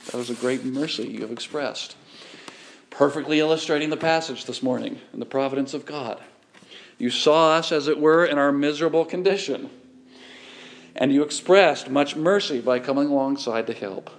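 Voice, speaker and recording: A pastor, preaching an earnest, measured sermon and reading scripture aloud. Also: male voice, medium pitch.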